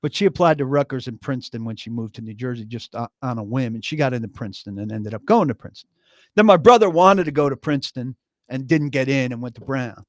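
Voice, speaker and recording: A man's voice: mid-range voice, expressive, quick pace, no room sound, studio quality. A man in his fifties co-hosting a sports talk radio show, wry and rambling, often correcting himself as he tells stories. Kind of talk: casual sports radio banter. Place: radio studio. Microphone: studio microphone.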